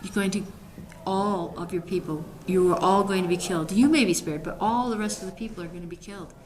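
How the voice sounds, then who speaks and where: A woman's voice: medium pitch, fairly quick, crowd noise, lightly acted. A woman voicing an urgent male guardian.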